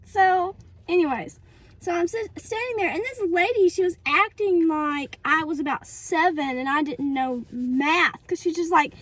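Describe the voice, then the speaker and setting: A woman's voice: extremely high pitch, measured pace. A young woman, telling a story casually in a vlog and acting out the people she quotes. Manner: animated, acts out quoted voices. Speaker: vlog co-host.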